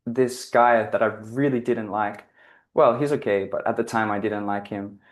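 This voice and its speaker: A man's voice: lowish voice, fairly even intonation, normal speed. A man giving a casual, reflective spiritual talk, telling a personal story in an earnest, rambling way, often restarting his sentences and leaning on "like". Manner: earnest, rambling, self-correcting, heavy use of "like". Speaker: guest speaker on spiritual living.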